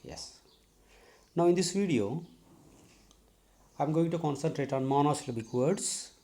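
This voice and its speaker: A middle-aged man from South India with an Indian English accent, teaching a recorded lecture slowly and deliberately, repeating key terms and checking "okay?". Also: a little high, animated, dark tone. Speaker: English professor.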